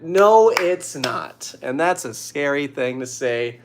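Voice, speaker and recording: A man's voice: a little high, takes it slowly, a little hiss or hum. Joking young man answering questions. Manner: reads questions aloud, jokey deadpan answers. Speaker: streamer answering viewer questions. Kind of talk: casual joking advice chat.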